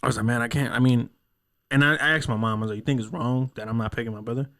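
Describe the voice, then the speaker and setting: A young man hosting a laid-back podcast, telling rambling stories in a mid-range voice. He swears freely and slips into quick impressions of the people he quotes. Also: mid-range voice, fairly even intonation, a bit bright. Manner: rambling storyteller, heavy cursing, acts out voices in quotes. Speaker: podcast host. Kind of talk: casual podcast chat.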